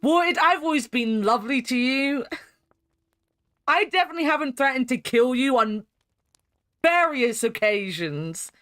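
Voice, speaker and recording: A woman's voice: sits high, expressive, measured pace, long pauses, fairly bright tone, no echo, clean studio sound. A woman streaming a game, chatting with viewers, laughing and reading chat aloud. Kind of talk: casual chat while playing a game.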